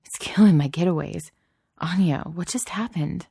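A woman's voice: fairly low pitch, fairly quick, darkish tone, dry recording, studio quality. A woman doing a blunt, fierce young smoker. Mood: breathless. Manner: blunt, sarcastic, swears.

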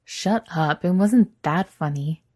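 A woman's voice: fairly low pitch, slow. A woman voicing a shy, earnest young man who speaks sheepishly. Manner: sheepish, quiet.

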